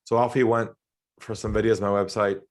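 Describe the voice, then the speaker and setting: A middle-aged Australian man, a sales trainer, talks through an interview with a fairly low voice. He tells anecdotes with lively energy and jumps into acted quotes, laughing as he goes. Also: fairly quick. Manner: animated storyteller, acts out quoted voices, laughs often. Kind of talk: storytelling interview talk.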